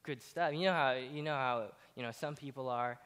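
A man's voice: medium pitch, fairly even intonation, a little fast, a bit bright, clean tone. A young man giving a casual sermon, stumbling through many fillers and restarts as he retells scripture with jokes. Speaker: speaker giving a Bible talk. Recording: long hall reverb.

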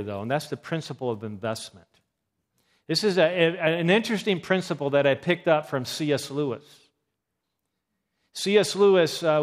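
A man giving a health talk, telling a story about a mother and acting out what people said. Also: on the high side. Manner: animated storyteller acting out quoted voices.

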